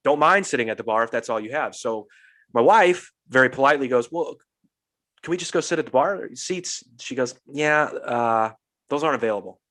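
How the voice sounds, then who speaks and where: Young guy on a podcast, animated storyteller, swears a lot, does the voices, normal pitch. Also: moderate pace. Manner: animated storyteller, swears freely, acts out quotes. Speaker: podcast host. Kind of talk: casual storytelling chat.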